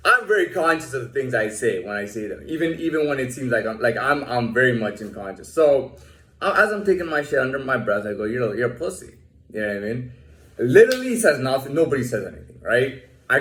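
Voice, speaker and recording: A man's voice: sing-song, a little fast, fairly bright tone. Profane rambling man in an echoey room. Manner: profane, rambling, many restarts, acts out quotes in a higher voice. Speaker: vlogger telling a personal story. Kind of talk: casual rant.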